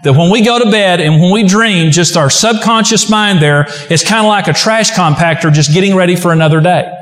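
A man's voice: high voice, a little fast, a bit bright. A man preaching a sermon as a pastor, telling folksy stories with humor. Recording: echoey hall.

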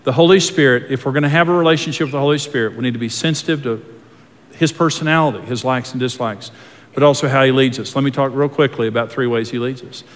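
Man preaching, earnest and folksy, mid-pitched voice, long hall reverb. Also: quick pace. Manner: earnest, folksy, with repeated words and restarts. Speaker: pastor. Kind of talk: sermon.

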